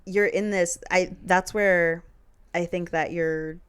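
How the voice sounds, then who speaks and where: A woman's voice: fairly low pitch, fairly even intonation, takes it slowly, a bit bright, smooth. A woman in her twenties co-hosting a podcast, earnest casual chat, often acting out what others said. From Canada. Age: 20s. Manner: earnest, frequent likes, quotes others in voices. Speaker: podcast co-host.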